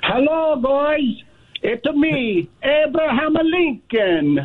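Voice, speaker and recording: Guy doing a squeaky slow dead president ghost, accent keeps changing, muffled phone. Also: big pitch swings, no echo, full character voice. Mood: rambling. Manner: shifting mix of many accents. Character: ghost of a male president speaking from hell, rambling. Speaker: caller. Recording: dull lo-fi phone line.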